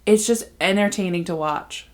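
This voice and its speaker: A woman's voice: mid-range voice, normal speed. A young woman co-hosting a podcast in casual chat, rambling and filling her talk with "like" and restarts. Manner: rambling, full of "like" fillers and restarts. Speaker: podcast co-host.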